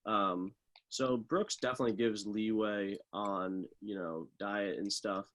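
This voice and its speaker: A man's voice: fairly low pitch, measured pace. A young man, a professional runner, talking casually in an interview, loose and full of fillers. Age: young adult. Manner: relaxed, loose, many fillers like "like" and "uh". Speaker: professional middle distance runner, guest.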